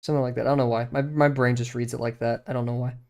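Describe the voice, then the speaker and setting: A man's voice: medium pitch, level tone, racing, a little mellow. A young man, chatting casually on a live stream while he draws, rambling with many fillers and restarts.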